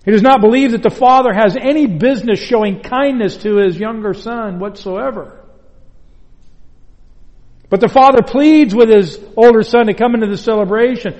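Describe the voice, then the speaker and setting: A pastor with a high-pitched male voice preaches an earnest sermon, pressing his points with deliberate repetition. His words carry a long reverb, like a large sanctuary. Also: a little mellow.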